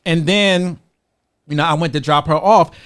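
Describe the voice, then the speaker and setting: A man tells a rambling, funny story on a podcast with a slightly high voice, acting out the people in it and breaking into laughter. His voice stays smooth and clear. The talk is loose and full of fillers. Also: moderate pace. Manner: lively storyteller, acts out quoted voices, laughs often, many fillers. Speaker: podcast co-host. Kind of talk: casual storytelling chat.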